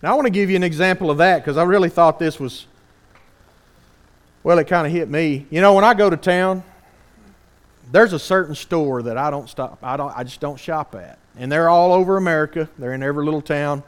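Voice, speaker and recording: A man with a fairly high voice preaches in a drawl. He is earnest and animated and keeps asking his listeners pointed rhetorical questions. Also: fairly quick. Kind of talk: sermon.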